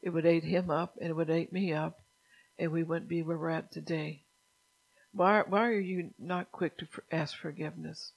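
Preaching with fervor, a middle-aged woman scolds her congregation and breaks into loud, emphatic bursts. Though her volume rises, her pitch stays narrow and flat. She speaks at normal speed with vocal fry.

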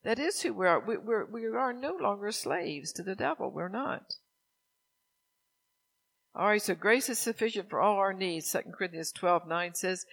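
An older man delivers a sermon in a high, gravelly voice. He keeps it conversational and full of everyday stories. He turns to the congregation with questions as he goes. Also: animated, moderate pace, a bit bright. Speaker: preacher.

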